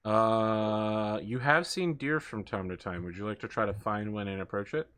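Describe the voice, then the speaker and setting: A man's voice: on the low side, normal speed, fairly bright tone, clear, resonant tone. A man narrating as game master for a tabletop game, playful and teasing with his players.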